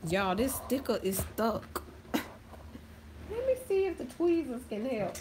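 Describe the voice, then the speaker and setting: A woman's voice: a little high, very animated, unhurried, noisy background. A woman hosting a casual livestream from her phone, greeting viewers by name and chatting playfully. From Southern United States. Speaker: livestream host.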